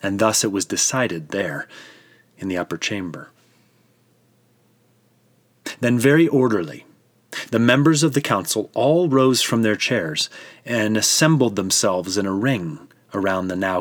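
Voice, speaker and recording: A man's voice: on the low side, no room sound. A man narrating a dramatic retelling of a scripture story in a vivid storyteller's manner.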